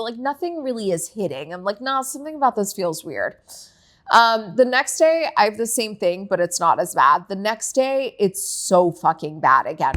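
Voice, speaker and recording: A young woman hosting her own podcast in a casual solo chat. She talks candidly and animatedly, with plenty of "like"s and loose swearing, at a middle pitch. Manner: candid and animated, swears freely, many likes. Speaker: podcast host.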